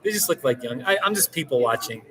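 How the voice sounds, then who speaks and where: A man's voice: mid-range voice, expressive, quick pace, rough recording. Rambling man with a crowd chattering behind. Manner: rambling, self-mocking, laughs often. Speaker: vlogger. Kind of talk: casual vlog monologue. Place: outdoors in a small mountain town with people around.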